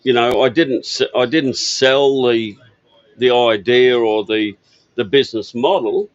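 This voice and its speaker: A man's voice: medium pitch, steady tone, unhurried, no room sound, highs cut off. An older man from Australia telling stories about his parts business in a rambling, easygoing way with lots of fillers. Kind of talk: casual interview storytelling. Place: outdoor expo stand.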